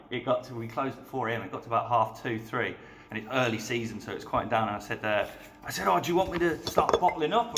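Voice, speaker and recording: A man in his thirties, a bartender guest telling lively anecdotes in a casual chat and acting out the quotes. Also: mid-range voice, roomy sound, a little hiss or hum. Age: 30s. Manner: rapid, lively anecdotes with acted-out quotes and frequent laughs.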